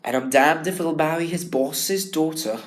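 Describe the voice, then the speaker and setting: A man's voice: a little high, normal speed, pitched above the performer's own voice, close to an everyday voice. A young man putting on an American accent to voice a brash young American man from a musical, with an emphatic delivery. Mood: defiant. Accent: put-on American.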